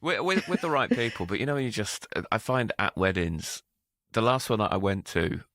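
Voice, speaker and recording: A man with a very low, gravelly voice chats in a relaxed, dry, self-deprecating way. The sound is close and dry, with no room around it. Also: moderate pace, no room sound. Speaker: podcast co-host. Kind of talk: relaxed casual chat.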